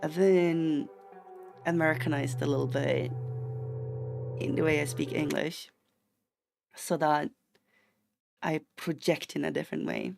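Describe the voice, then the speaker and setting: A man's voice: on the high side, little pitch movement, a little slow, creaky, pauses often, darkish tone, faint music behind. A man from Sweden chatting casually on a live stream while he plays, rambling through tangents and restarting his sentences.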